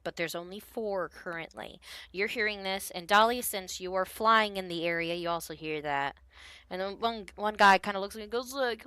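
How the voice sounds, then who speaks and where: A woman's voice: medium pitch, normal speed, bright, forceful tone, clean tone, no room sound. Casual woman game master, dry sound. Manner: casual, lots of fillers. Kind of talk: narrating a tabletop game.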